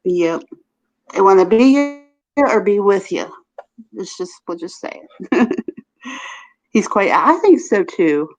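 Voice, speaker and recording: A woman's voice: mid-range voice, animated, slow pace, pauses often. A woman with a Southern US accent hosting a casual live stream, chatty and laughing often. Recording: dull lo-fi stream audio.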